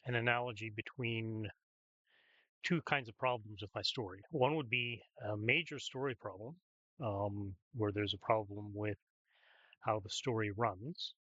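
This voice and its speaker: A man's voice: fairly low pitch, steady tone, unhurried, sharp tone, no echo. Hesitant male streamer, loose chatty play-by-play, slightly muffled dry sound. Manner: rambling, hesitant, many ums and restarts. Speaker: gameplay streamer. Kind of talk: casual commentary over gameplay.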